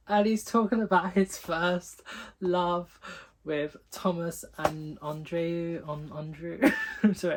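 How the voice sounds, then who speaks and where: A man's voice: medium pitch, a little hiss or hum, poor audio. A man giving casual book reviews, gushing and filling his talk with lots of "like". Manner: gushing, talks with lots of "like" fillers.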